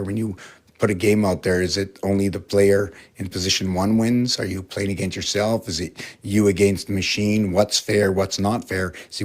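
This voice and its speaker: Brief: man, lowish voice, casual rambling vlogger, muses aloud with rhetorical questions. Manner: musing, asks many rhetorical questions. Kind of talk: rambling casual explanation to camera.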